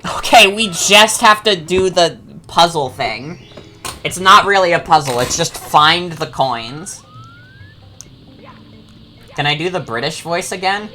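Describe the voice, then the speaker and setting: A woman's voice: on the low side, animated, takes it slowly, pauses often, bright, forceful tone, a little hiss or hum. A woman streaming a game, chatting and joking casually with her chat and swearing freely. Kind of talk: casual gameplay commentary.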